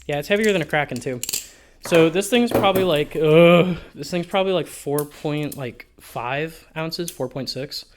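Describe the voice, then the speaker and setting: A man's voice: on the high side, normal speed, a little hiss or hum. A man talking through a product review in a casual vlog, rambling and offhand, with frequent swearing. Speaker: balisong reviewer.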